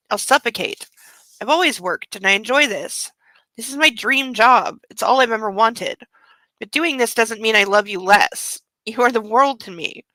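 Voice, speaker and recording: A woman's voice: a little high, bright, forceful tone, no room sound, low-quality recording. A woman reading the lines of a young wife pleading for her career in a plain, earnest read-aloud voice.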